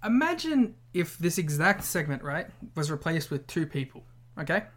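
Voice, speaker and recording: A man's voice: on the high side, sing-song, moderate pace, a bit bright. A man co-hosting a podcast in casual chat. He is blunt and profane, and he acts out scenarios as he argues. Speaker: podcast co-host.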